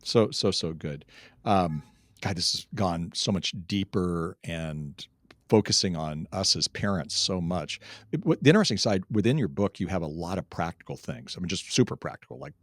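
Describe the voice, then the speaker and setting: A man hosts a podcast in a low voice, recorded dry and close to the mic. He is encouraging, affirms his guest often, and steers toward practical questions. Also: expressive, moderate pace, no room sound. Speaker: podcast host. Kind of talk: conversational podcast interview.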